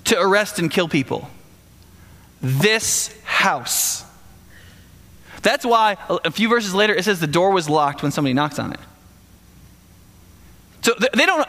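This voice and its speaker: Animated high-voiced preacher in a reverberant hall. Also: male voice. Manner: animated storytelling, acts out quotes in bursts. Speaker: pastor. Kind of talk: casual sermon.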